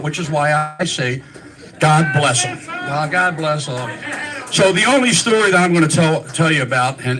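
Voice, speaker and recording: A man's voice: mid-range voice, a bit bright, low-quality recording. A man telling a rambling, swearing story at a live roast, repeating his words as he goes.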